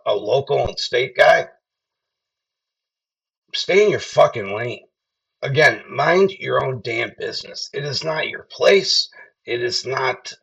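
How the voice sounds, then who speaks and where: A man hosts a podcast with a gravelly, creaky voice and rants in a mocking way, swearing often. He sounds somewhat off-mic. The talk is casual political commentary. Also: medium pitch, fairly bright tone, recorded from a distance, muffled recording. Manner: profane, mocking ranting. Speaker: podcast host.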